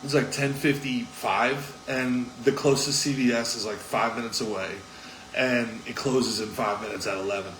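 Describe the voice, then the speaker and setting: Bright-voiced male comic in an echoey room. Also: mid-range voice, normal speed, slight background noise. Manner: animated, acts out other voices in the story. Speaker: comedian. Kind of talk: comedic storytelling chat.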